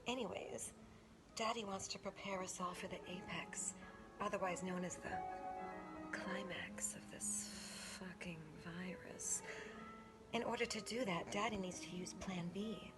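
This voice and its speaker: Woman, comic performer; sultry mock-seductive whisper, breathy delivery, clear music bed. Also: medium pitch, fairly even intonation, fairly quick. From United States. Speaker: comedic performer.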